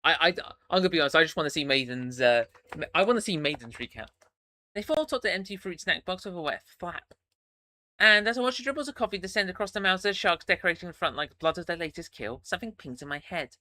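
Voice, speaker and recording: Bright-voiced man reading a story game aloud. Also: high voice, lively intonation, fast. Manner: stammering restarts, chuckling asides. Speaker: streamer.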